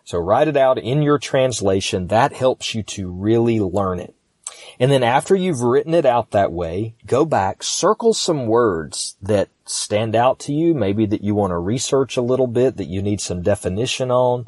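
A man teaching scripture on a podcast in a steady, practical way, pausing now and then on an um or uh. His voice sits at an ordinary middle pitch and is recorded close and dry, with no room around it. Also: no room sound. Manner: calm, practical, instructional, with fillers. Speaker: pastor and podcast host.

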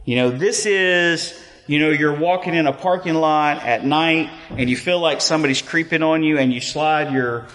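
A man's voice: on the high side, moderate pace, fairly bright tone. Guy preaching in a church hall, chatty and loose, lots of ums, voice rings around the room. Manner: conversational, self-deprecating, many fillers. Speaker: pastor. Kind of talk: sermon. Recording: long reverb of a hall.

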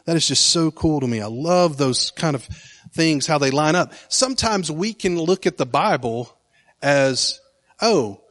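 A man's voice: on the high side, expressive, unhurried, fairly bright tone. A man teaching from the Bible in a casual, enthusiastic way, with frequent fillers and restarts. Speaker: preacher.

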